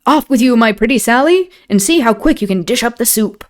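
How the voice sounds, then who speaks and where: A woman's voice: fairly high pitch, expressive, fairly quick, lightly acted. A jovial young English lord from a storybook, as a woman reads him, hearty and effusive. The voice stays a little above the reader's usual talk.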